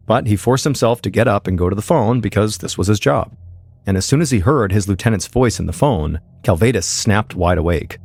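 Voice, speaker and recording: Male podcast host, lowish voice, measured suspense narration. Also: a little mellow, no echo. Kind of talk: scripted true-crime narration.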